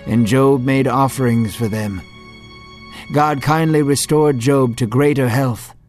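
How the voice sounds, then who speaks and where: A man narrating a Bible story in earnest, dramatic scripted prose, his voice set at a middle pitch. Soft music plays faintly behind him.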